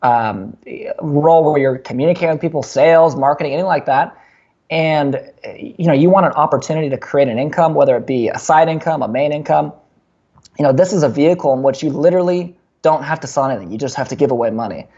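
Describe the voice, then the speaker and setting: A young man in his twenties, a podcast guest, telling a long personal story in a casual, animated way with many fillers and restarts. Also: a little high, quick pace, muffled recording.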